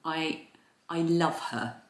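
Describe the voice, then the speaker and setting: A woman's voice: low voice, takes it slowly. A British woman chatting casually in a crafting vlog at home, rambling and hesitant with many fillers and restarts. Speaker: crafting YouTuber. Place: home, indoors. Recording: echoey room.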